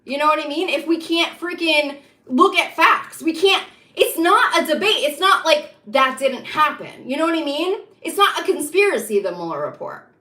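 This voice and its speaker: Casting: woman, bright and high, emphatic and repetitive political rant. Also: lively intonation, normal speed. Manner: emphatic, repetitive, rising to heated insistence. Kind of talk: impassioned political monologue. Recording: echoey room.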